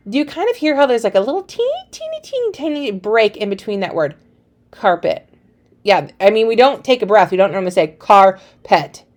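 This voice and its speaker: A young woman teaching a recorded phonics lesson, speaking to young children in a chatty, encouraging way and calling them friends. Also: mid-range voice.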